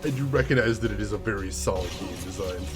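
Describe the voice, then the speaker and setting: A man giving chatty, animated commentary while playing a video game, laughing often. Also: fairly low pitch, fast, over loud music. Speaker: gaming streamer. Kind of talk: casual let's-play commentary.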